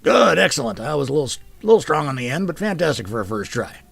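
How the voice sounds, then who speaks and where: A man's voice: mid-range voice, very animated, quick pace, vocal fry, dry recording, voice pushed up. A man voicing a big, scarred male elf who patiently tutors his younger sister. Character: big scarred male elf, warm teasing older brother.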